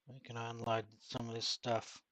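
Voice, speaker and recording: A man's voice: mid-range voice, completely flat delivery, normal speed, fairly bright tone, no echo. Australian male streamer, middle-aged, easygoing and talkative, dry close-miked sound. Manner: chatty, reads out and answers viewer comments. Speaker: gaming streamer. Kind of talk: casual live-stream chat while gaming.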